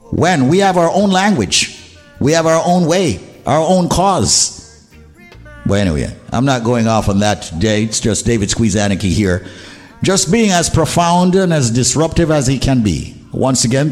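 A Jamaican man hosting a radio show, talking in an animated, emphatic and opinionated way. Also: medium pitch. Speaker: radio host. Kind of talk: casual radio talk. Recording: radio broadcast with reverb and music.

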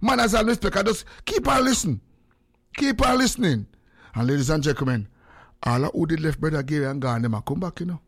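Animated Jamaican man on a live stream. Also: fast talker, gravelly, breathy edge. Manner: animated, jumps between high and low voice. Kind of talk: casual live-stream chat in patois.

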